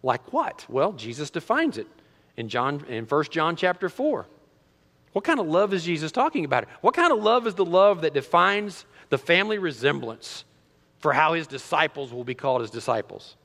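Lively preaching man in a reverberant hall. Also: fairly high pitch, normal speed. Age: middle-aged. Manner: animated preaching with rhetorical questions and repeated restarts. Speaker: pastor. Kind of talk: sermon. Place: church sanctuary.

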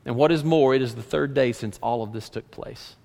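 A man preaching a sermon as pastor, reading scripture aloud and swinging from loud emphasis to hushed lines. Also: mid-range voice, brisk, gravelly. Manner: animated preaching, reads scripture aloud, rises and drops dramatically. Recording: long hall reverb.

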